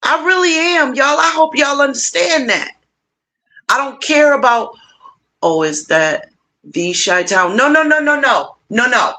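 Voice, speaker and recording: A middle-aged woman hosting a casual livestream, warmly encouraging her viewers and talking to them directly. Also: moderate pace. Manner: warm, encouraging, animated with big pitch swings; playful, addresses viewers directly. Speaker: livestream host.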